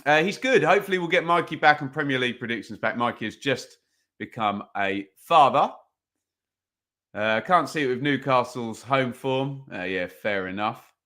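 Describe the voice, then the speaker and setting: Speaking at a normal speed, and expressively, a man hosts a football watch-along stream from his home setup through a desk microphone. His mid-range voice is bright and forward, and he chats loosely, reads viewer comments aloud and drifts into casual commentary on the play.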